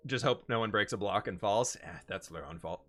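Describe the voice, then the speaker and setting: A man's voice: fairly low pitch, pushed and bright. A man in his twenties, from Pennsylvania, hosting a livestream in a chatty way, laughing often and reading chat aloud. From Pennsylvania, USA. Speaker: livestream host. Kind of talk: casual chat while gaming.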